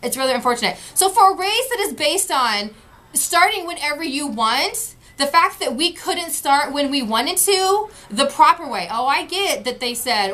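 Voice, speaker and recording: Frustrated, a woman vlogger goes over an event in casual talk and repeats other people's words in their voices. Her high voice is sing-song and sharp, at a normal speed.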